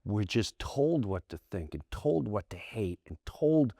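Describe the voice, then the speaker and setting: This middle-aged American man has a lowish, gravelly voice and talks a little slowly, recorded studio-quality with no room sound. Guesting on a podcast as a comedian, he shares candid stories in a long-form interview, animated and full of restarts and acted-out voices.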